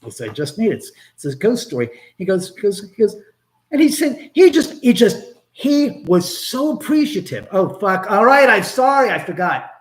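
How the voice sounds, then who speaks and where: Middle-aged American male host for a casual live stream, storytelling with animated energy, frequent swearing, slightly higher-pitched voice. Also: moderate pace, rough recording. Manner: animated, swearing, laughing, excited outbursts.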